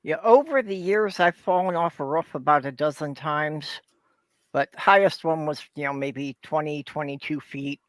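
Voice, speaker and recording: Man, blunt co-host, swears, slightly higher pitch, dry sound. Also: normal speed, dry recording. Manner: blunt, profane asides. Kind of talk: casual chat.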